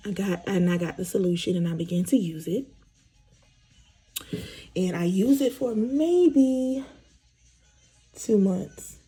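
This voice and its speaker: A woman's voice: mid-range voice, warm tone, poor audio. A woman vlogger chatting candidly with viewers while doing her makeup, repeating herself as she tells her story. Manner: candid, repetitive storytelling addressing viewers as y'all.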